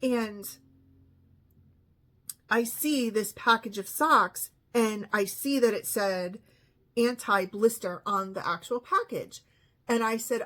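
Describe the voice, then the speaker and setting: A woman's voice: fairly high pitch, slow, pauses often, a bit bright. Chatty, exasperated woman in her fifties. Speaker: vlogger. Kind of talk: casual storytelling monologue.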